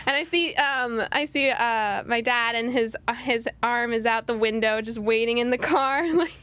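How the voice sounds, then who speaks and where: A woman's voice: on the high side, normal speed, fairly bright tone, smooth. A young woman, the host's daughter and a guest on the show, telling a story in a chatty, giggly way. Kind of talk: casual storytelling chat.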